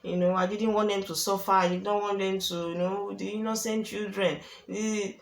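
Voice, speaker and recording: A woman voicing an evasive husband who makes slow excuses, padded with "you know". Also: mid-range voice, level tone, creaky, natural voice. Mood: pleading. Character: pleading, evasive husband, adult man. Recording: echoey room.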